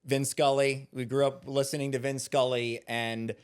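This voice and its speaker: A man's voice: mid-range voice, flat delivery, moderate pace, clean tone. A man from Los Angeles, a guest on a podcast, talking eagerly in casual chat and often restarting his sentences. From Los Angeles, USA.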